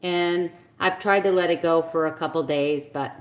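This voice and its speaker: A woman's voice: low-pitched, steady tone, moderate pace. Passionate, blunt woman ranting on a live stream. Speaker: keto vlogger on a live stream. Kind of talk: casual live-stream rant. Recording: echoey room.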